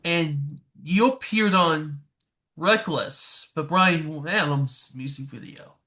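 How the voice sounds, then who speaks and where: A man's voice: fairly high pitch, sharp tone. A man hosting a podcast, asking short interview questions. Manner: brief, unhurried questions. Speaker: podcast host.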